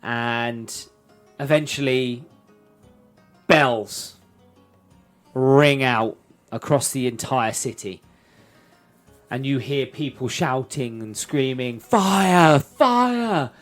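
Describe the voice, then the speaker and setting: A man's voice: medium pitch, fairly even intonation, slow, pauses often, faint music behind. A man narrating a tabletop role-playing game as game master.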